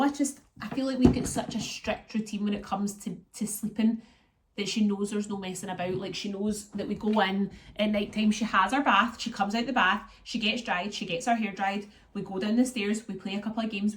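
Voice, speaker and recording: A young Scottish woman talking to camera in an easy, rambling vlog style. Her voice sits at a middle pitch, and her chat is full of local slang. Her stories run on from one thing to the next. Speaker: vlogger.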